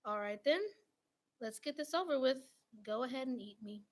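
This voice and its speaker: A woman's voice: moderate pace, close to an everyday voice. A woman voicing a fussy, indignant male talking doughnut in a read-aloud storybook. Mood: dismayed. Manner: polite, then shrill and outraged.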